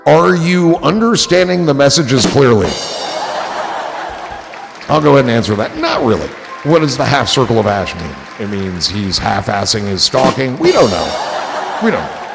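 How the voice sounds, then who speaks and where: Gravelly, joking man hosting a stream. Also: medium pitch, animated, moderate pace, in a large hall, music in the background, a crowd in the background. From New Jersey. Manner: rambling, joking, profane. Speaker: livestream host reading chat. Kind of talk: casual chat.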